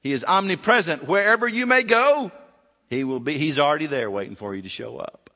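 A male pastor preaching a sermon, swinging dramatically from shouting to near whisper. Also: a little high, expressive, fairly quick, big-room sound.

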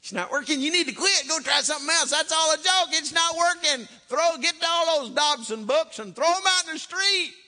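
A preacher puts on a taunting male devil, pitched far above his own voice and pushed loud. The tone is bright and mocking as it nags the listener to give up. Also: moderate pace, few pauses, big-room sound, full character voice. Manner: mocking, pushy, urging to quit.

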